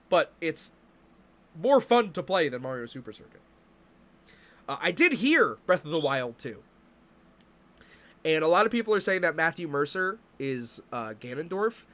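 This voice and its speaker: A male streamer in a profane, exasperated rant, his voice sitting high and swinging wildly up and down. The tone is bright and sharp. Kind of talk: casual stream rant about games.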